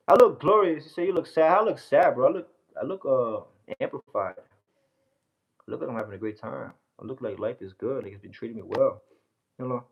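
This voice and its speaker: A man's voice: a little high, dull audio. A man from the United States, livestreaming casually, reading comments with a boastful, brash, scattered way of talking. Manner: boastful, brash, scattered, often says "hold on" and "bro".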